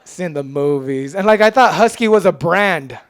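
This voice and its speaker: A man doing a stand-up comedy set, self-mocking and jumping into loud voices when he acts out people. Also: on the high side, lively intonation, moderate pace, no echo. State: sweating.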